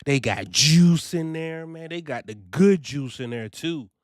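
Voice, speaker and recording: Talking about his trucking orientation, a young vlogger sounds casual and lively, peppering his review with "you know" and "man." He speaks a little slowly in a slightly high voice, and the studio sound is clean with no echo.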